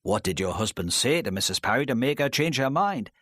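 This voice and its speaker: Brief: male reader doing a steady, probing detective, with lively pitch. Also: no echo, studio quality. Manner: calm, measured questioning. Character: patient, probing male police inspector.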